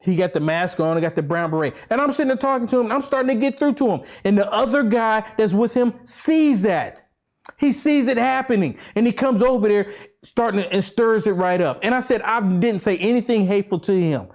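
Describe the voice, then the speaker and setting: Fervent high-voiced man ranting to camera. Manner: repetitive, rambling, with urgent rhetorical questions; swings from fervent near-shouting to low, slow preaching. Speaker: political vlogger. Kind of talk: impassioned political rant to camera.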